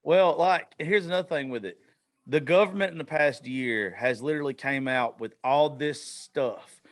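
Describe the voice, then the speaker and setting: A male podcast host who talks in a loose, excitable way, swearing freely and breaking into quick asides. His voice sits a bit high for a man. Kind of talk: casual chat.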